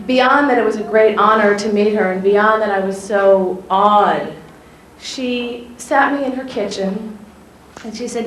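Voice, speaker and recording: Woman, journalist, storytelling to schoolchildren, animated, classroom echo, faint background noise. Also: medium pitch, unhurried. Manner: animated, asks the children questions directly. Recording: echoey room, faint ambient noise.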